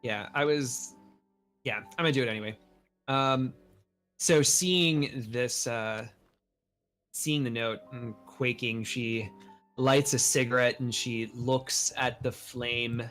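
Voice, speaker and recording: A man's voice: medium pitch, steady tone, slow, fairly bright tone, soft background music. A man hosting and playing a card game, narrating his character's actions and thinking aloud about the rules. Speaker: host player.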